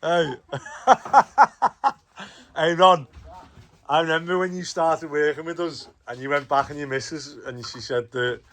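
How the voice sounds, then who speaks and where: With a slightly high, unhurried voice and a fairly bright tone, a building firm owner vlogs casually at work, teasing his workers and laughing often. A little hiss or hum runs under the audio.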